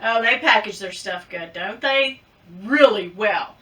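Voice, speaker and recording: Middle-aged woman, playful girlfriend chatter, bright high voice, a bit off-mic. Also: unhurried, distant mic. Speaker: unboxing vlogger. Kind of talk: casual chat.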